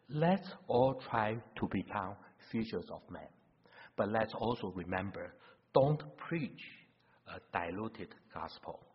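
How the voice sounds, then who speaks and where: Husky man preaching in a reverberant hall. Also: mid-range voice. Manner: earnest, unhurried, illustrative storytelling. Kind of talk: sermon. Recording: dull sound with long hall reverb.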